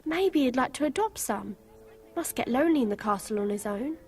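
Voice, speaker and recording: A gentle young girl in a video game, high-pitched and lively, coaxing and caring as she talks. Faint game music hums beneath her. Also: fairly quick. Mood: plain. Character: kind, gentle young girl, the hero's sister.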